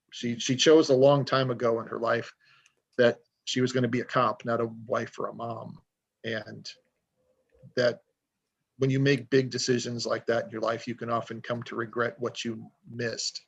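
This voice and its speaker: Casting note: gravelly man, chatty author guest, dull lo-fi audio. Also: medium pitch, flat delivery, normal speed. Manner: rambling, storytelling, self-deprecating. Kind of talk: casual podcast conversation.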